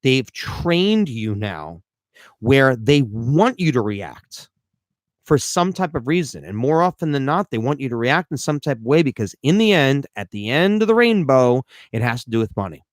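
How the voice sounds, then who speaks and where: A man hosting a live podcast as a life coach, talking in an animated, rambling way with self-deprecating humor and frequent restarts. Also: mid-range voice, moderate pace, no room sound, studio quality.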